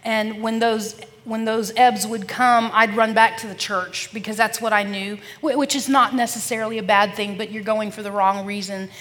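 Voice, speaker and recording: Woman telling her testimony, says y'all a lot, goes quiet and hushed at times, mid pitch, reverby sound. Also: fairly even intonation, normal speed, few pauses. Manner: earnest, addresses listeners as y'all; often drops to a soft, hushed voice. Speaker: podcast guest. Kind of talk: personal faith testimony.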